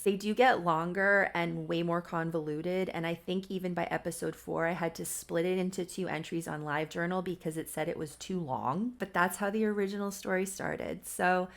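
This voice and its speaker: A woman retelling a soap-opera story in a chatty, casual way, with quick asides. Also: lowish voice, vocal fry. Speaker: channel host.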